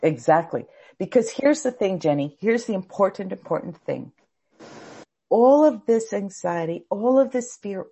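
A woman's voice: mid-range voice, dark tone, slightly rough. A middle-aged woman teaching a live class on anxiety, earnest and prone to repeating words as she thinks.

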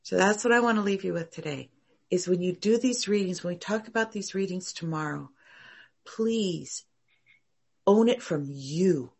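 A woman teaching a meditation class in an emphatic, animated way, repeating her points. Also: on the low side, moderate pace, vocal fry, breathy edge. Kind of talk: casual class talk.

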